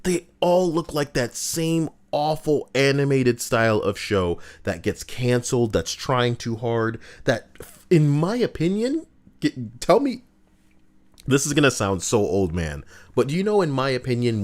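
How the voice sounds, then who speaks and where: A man's voice: medium pitch, big pitch swings, unhurried, darkish tone. A man streaming, reading internet posts aloud and chatting casually, swearing and drifting into asides. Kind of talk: casual livestream chat.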